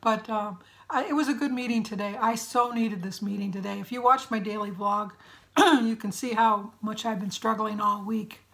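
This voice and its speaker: A middle-aged woman from Michigan chatting in a casual vlog, her voice raspy and congested, clearing her throat often and apologizing as she rambles. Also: medium pitch, steady tone, normal speed, a bit bright. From Michigan, USA. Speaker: vlogger. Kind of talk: casual weight-loss update vlog.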